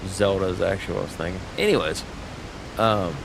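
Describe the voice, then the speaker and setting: Low-voiced rambling male streamer. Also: a little fast, gravelly, background noise. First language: English. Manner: rambling, full of fillers and restarts. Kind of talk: casual livestream chat while gaming.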